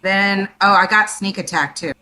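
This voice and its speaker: A woman playing a tabletop game, asking lively, eager questions. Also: mid-range voice, normal speed. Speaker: player. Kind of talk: casual tabletop game chat.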